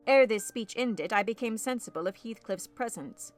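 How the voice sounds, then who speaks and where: Brief: woman audiobook narrator, measured storytelling, slightly high voice, faint music underneath. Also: expressive.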